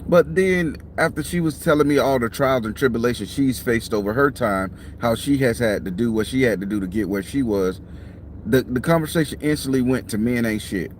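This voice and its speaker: A man's voice: mid-range voice, brisk. Man, middle-aged, tarot reader, casual car chat, blunt, profane, tired, faint road noise. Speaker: tarot reader and channel host. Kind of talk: casual talk to camera. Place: parked car. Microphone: clip-on mic.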